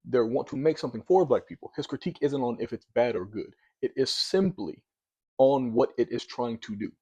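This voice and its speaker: Argumentative man with a mellow voice. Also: medium pitch, brisk, slightly rough, dull audio. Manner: animated, argumentative, repeats words when pressing a point. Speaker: commentator reacting to a video. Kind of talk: casual reaction commentary.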